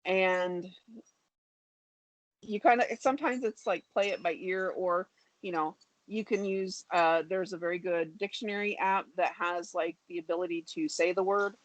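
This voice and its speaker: A woman's voice: lowish voice, steady tone, normal speed, no room sound, rough recording. Woman, 50s, American accent, easygoing explainer, video call, dry close sound. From United States. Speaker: guest. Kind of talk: casual conversation on a video call.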